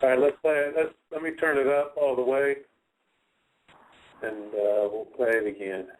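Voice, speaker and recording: A man's voice: medium pitch, steady tone, moderate pace, a little hiss or hum, rough recording. A man hosting a radio show, giving short easygoing reactions and cueing up clips. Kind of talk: casual radio chat.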